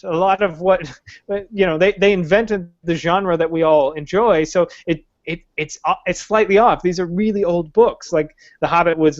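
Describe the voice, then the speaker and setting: A man with a high voice co-hosts a casual podcast. He swears freely and jumps into an even higher voice to mimic characters. The sound is dry and close, with dull lo-fi audio. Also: no echo. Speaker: podcast co-host. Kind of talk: casual chat.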